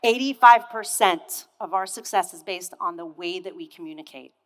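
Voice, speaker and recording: Energetic woman giving a keynote in an echoey hall. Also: fairly low pitch, moderate pace. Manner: energetic, questions the audience directly. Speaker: keynote speaker. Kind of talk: motivational keynote storytelling. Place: conference hall stage. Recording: echoey hall with long reverb.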